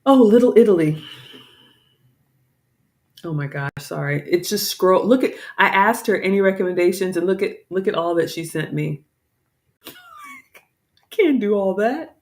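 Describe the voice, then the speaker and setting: Gravelly-voiced chatty Southern woman. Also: on the low side, moderate pace, a little mellow. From American South. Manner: chatty, apologetic, scattered, laughs often. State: tired. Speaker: vlogger, home cook. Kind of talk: casual live-stream chat.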